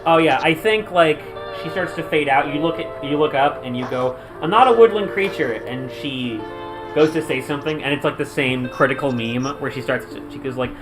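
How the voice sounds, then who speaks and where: A man narrating a tabletop game as game master, telling the story with animated flair and sudden loud yells. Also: mid-range voice, a little fast, low-quality recording. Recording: music playing underneath.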